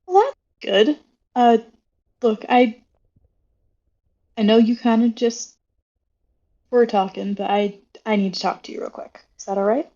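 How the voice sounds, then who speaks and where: A woman's voice: fairly high pitch, unhurried, long pauses, mellow. Casual woman player, muffled audio. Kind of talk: casual tabletop narration.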